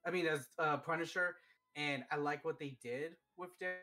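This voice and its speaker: A man hosting a live stream, chatting casually and telling stories excitedly, with lots of fillers. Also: on the high side, moderate pace, faint music behind. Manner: excitable, animated storytelling with many fillers. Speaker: streamer host. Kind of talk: casual chat.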